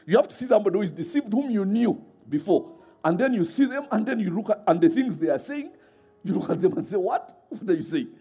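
A middle-aged man preaching a sermon in a lively way, laughing often and acting out voices as he tells stories. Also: high-pitched, fairly quick, husky.

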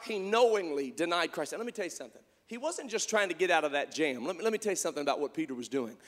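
High-voiced preacher man, fervent sermon, big reverb in the church. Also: lively intonation, very fast. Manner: fervent storytelling preaching, rising to shouts.

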